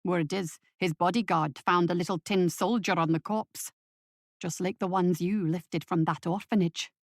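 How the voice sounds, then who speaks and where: A woman's voice: lowish voice, steady tone, moderate pace, dry recording, clean studio sound, pitched below the performer's own voice, lightly acted. A woman voicing a blunt, wary Scottish man who talks in a sardonic way. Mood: accusing.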